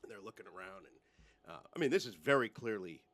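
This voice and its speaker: A man's voice: on the low side, brisk, dry recording. A middle-aged man co-hosting a podcast, telling a story casually and acting out the quotes with laughter. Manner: animated, laughing, acts out quotes. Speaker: podcast co-host.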